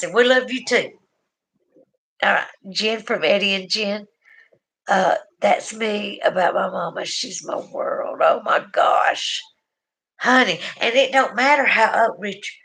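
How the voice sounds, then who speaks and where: Gravelly-voiced Southern woman chatting on a livestream. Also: a little high, a bit bright, rough recording. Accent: Alabama Southern. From Southern United States. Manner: chatty, affectionate, drawling Southern talk with folksy phrases. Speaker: livestream host. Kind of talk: casual livestream chat reading viewer comments.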